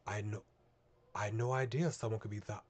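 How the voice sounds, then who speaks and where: A man's voice: lowish voice, steady tone, a little mellow, natural voice. A man voicing a blunt, sarcastic otherworldly guide in an attempted Northern English accent, reading a visual novel aloud. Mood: mocking. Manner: mocking, rough, drawn-out questions.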